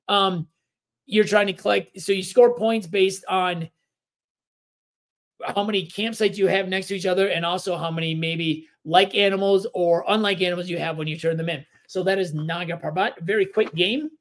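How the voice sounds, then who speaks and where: Man, high voice, relaxed, rambling, casual board game talk. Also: moderate pace. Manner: relaxed, rambling explanations with fillers. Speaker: podcast co-host.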